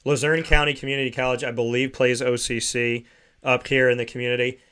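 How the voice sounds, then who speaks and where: A man hosts a radio talk show and banters with his guest. His voice is smooth and resonant, in a middle pitch. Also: little pitch movement, fairly quick, pushed and bright. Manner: joking, conversational. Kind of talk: casual radio chat.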